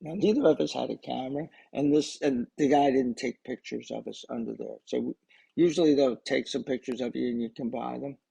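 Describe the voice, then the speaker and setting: A man's voice: mid-range voice, fairly quick, gravelly, dark tone, slightly rough, rough recording. An older man telling a personal story in a casual, rambling way, often restarting and adding asides. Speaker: storyteller recording memories for his grandchildren.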